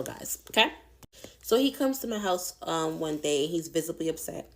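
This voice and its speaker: A woman's voice: low voice, animated, normal speed, fairly bright tone. A young adult woman telling a personal story in a casual, candid, chatty way, swearing freely.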